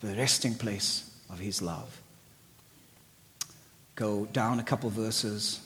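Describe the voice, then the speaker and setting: A man preaching an energetic sermon. He swings from shouted exclamations to low, intimate asides. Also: takes it slowly, in a large hall.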